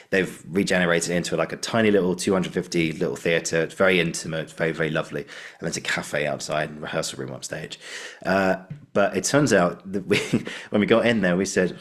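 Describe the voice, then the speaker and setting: A man's voice: low-pitched, fairly even intonation, a little fast. A man hosting a podcast, chatting casually and telling anecdotes with acted-out quotes. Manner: chatty storyteller, acts out quoted voices. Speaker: podcast host.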